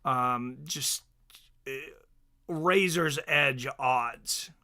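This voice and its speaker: Bright-voiced, unhurried fight-stream host. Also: male voice, medium pitch. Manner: excitable, chatty, reads viewer comments aloud. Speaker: watch-along stream host. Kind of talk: casual live fight commentary.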